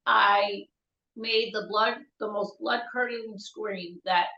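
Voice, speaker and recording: A middle-aged woman, a bereaved mother, telling her son's story as a podcast guest, halting and searching for words, tearful at times. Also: medium pitch, fairly even intonation, pushed and bright, reverberant, lo-fi sound, slight background noise. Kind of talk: emotional personal storytelling.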